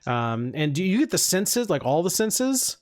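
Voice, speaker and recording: A man running a tabletop game who narrates in a loose, rambling way, full of fillers. His voice sits a bit high for a man. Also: big pitch swings, measured pace. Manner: loose and rambling, laughing often, many fillers. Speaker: game master.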